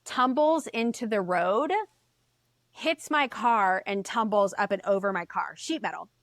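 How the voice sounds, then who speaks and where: A woman guest on a podcast, telling a story in casual chat, animated, swearing and acting out the voices she quotes. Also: mid-range voice, a little slow, dry recording, studio quality.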